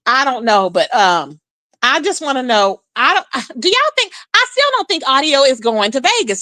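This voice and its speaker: Woman, livestream host, casual gossip chat, high voice, dry close sound. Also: normal speed, no echo. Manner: chatty, animated, calls viewers "child" and "baby".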